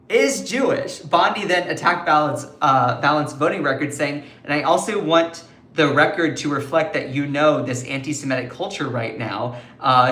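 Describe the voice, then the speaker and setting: A man hosting a live-stream commentary show, talking in an animated, sarcastic way and slipping into voices to retell quotes. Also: a little high. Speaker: political commentary host. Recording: echoey room.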